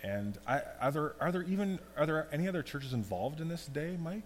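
A man giving a conversational, animated sermon as pastor. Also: on the high side, fairly quick. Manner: conversational, animated preaching with asides. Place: church hall. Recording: long hall reverb, faint hum.

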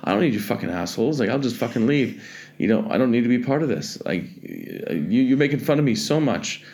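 A man voicing an angry, fed-up young British man who swears indignantly, pitched up from his own voice. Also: very animated, brisk, gravelly, a little mellow.

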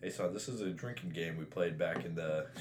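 A man's voice: low voice, a little fast, a little hiss or hum. A man in casual chat, telling a story with dry joking asides. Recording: echoey room.

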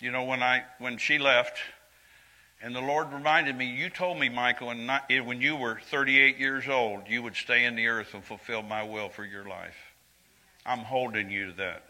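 A man in his seventies preaching a sermon in a church, earnest and conversational, dropping to quiet confiding asides and rising to loud emphatic lines. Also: medium pitch, steady tone, normal speed, rough recording. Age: 70s.

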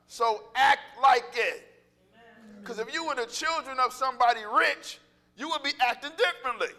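A man preaching a sermon, animated and joking, acting out little voices and calling out to the congregation. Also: extremely high pitch, normal speed. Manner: animated, joking, acts out voices, laughs often; calls out to congregation.

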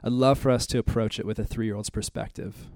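A man, a pastor, opening a church ministry class with a heartfelt story and then a quiet, earnest prayer. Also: lowish voice, steady tone, brisk, no room sound, studio quality.

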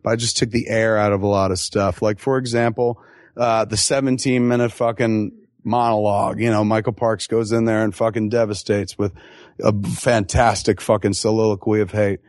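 Animated, profane male film director. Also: lowish voice, moderate pace, dry recording, clean studio sound. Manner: animated, profane storyteller who acts out quotes. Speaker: film director being interviewed. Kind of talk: casual interview talk.

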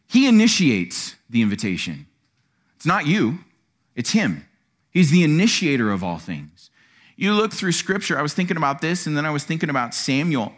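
A man preaching a sermon in a church, animated and acting out quotes. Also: normal speed. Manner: animated, acts out quotes with sudden pitch jumps. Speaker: pastor.

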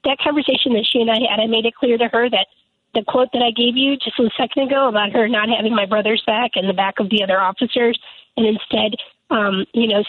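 A woman's voice: fairly high pitch, a little hiss or hum. A woman lawmaker calling in to a radio interview, speaking emphatically and indignantly. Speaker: lawmaker guest. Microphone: telephone. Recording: tinny, dry phone line.

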